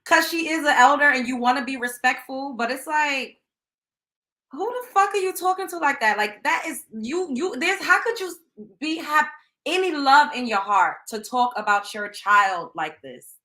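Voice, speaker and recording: A woman's voice: sits high, lively intonation, moderate pace, pushed and bright. A woman hosting a show, reacting to a clip with indignant, emphatic commentary. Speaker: show host.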